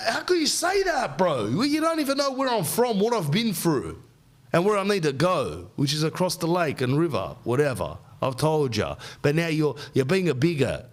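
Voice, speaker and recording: A man voicing a touchy male scorpion who talks slangy and defensive, quick to call others prejudiced. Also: on the high side, sing-song, pitched above the performer's own voice. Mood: indignant.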